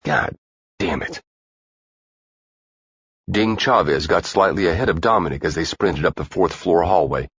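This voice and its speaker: A man narrating a thriller audiobook in a steady, even-paced reading. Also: low voice, a little fast, hardly any pauses, husky, no echo. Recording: dull dry lo-fi recording.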